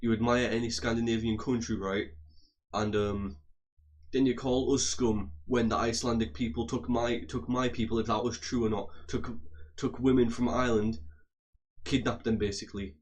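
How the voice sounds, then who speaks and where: A man of average pitch delivers a heated, profane rant straight to his viewers. He keeps circling back, repeating and restarting his phrases as he talks. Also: flat delivery, moderate pace. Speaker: vlogger. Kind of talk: angry profane rant to camera.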